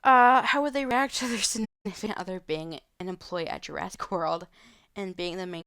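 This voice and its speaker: Creaky-voiced woman streamer chatting casually. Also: mid-range voice, normal speed, a bit bright, no room sound, clean studio sound. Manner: loose and rambling, with many fillers and restarts. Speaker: live streamer. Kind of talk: casual chat answering viewer questions. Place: home room.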